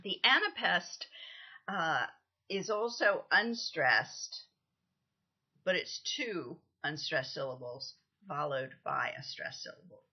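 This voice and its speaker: A woman lecturer giving a recorded lesson, explaining things patiently, counting out stresses and often pausing with "um". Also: low-pitched, animated, husky, lo-fi sound. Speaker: literature lecturer.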